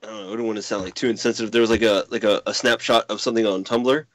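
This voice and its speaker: A man's voice: lowish voice, steady tone, racing, fairly bright tone. A man in casual podcast chat, rambling with many fillers and swearing. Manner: rambling, filler-heavy, profane.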